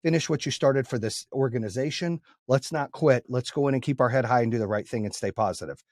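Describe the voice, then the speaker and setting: A man's voice: medium pitch, fast, darkish tone, no room sound, clean studio sound. Blunt swearing male podcast host. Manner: blunt, swears freely, retells arguments in dialogue. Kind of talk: casual storytelling.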